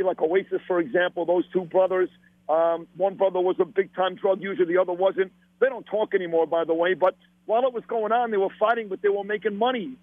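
A man's voice: sits high, no room sound. A middle-aged man with a Brooklyn accent, a radio host telling blunt, profane stories in casual conversation. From Brooklyn, New York. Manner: blunt, profane, emphatic storytelling. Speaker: radio host, podcast guest. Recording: dry tinny phone-line audio.

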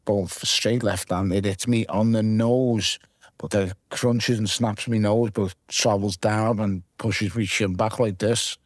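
Guest: low-voiced man with a Liverpool accent, vivid swearing storyteller, dry close sound. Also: steady tone, slow, no echo. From Liverpool, England. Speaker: guest, former boxer. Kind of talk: casual podcast interview.

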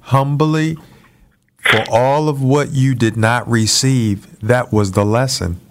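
A man co-hosts a casual talk show, speaking gently and earnestly. He sounds reflective as he shares his thoughts. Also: mid-range voice, takes it slowly, noisy background. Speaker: co-host.

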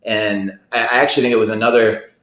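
A man's voice: lowish voice, level tone, fast, fairly bright tone, roomy sound, rough recording. A man co-hosting a podcast, talking in a casual, rambling way and acting out inner voices. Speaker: podcast co-host. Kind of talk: casual conversation.

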